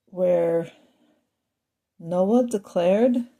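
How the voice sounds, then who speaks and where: A woman talking in a rambling, digressive monologue with dry asides, clearing a frog from her throat now and then. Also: medium pitch, slow, warm tone. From part Irish, part English ancestry. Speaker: spiritual talk host.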